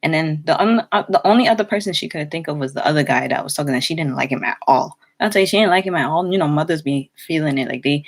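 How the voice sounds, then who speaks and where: A woman's voice: sits low, expressive, fast talker, few pauses. Chatty young New woman telling a story. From New York City. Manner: rambling, chatty, many fillers and restarts. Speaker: vlogger. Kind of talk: casual storytime vlog.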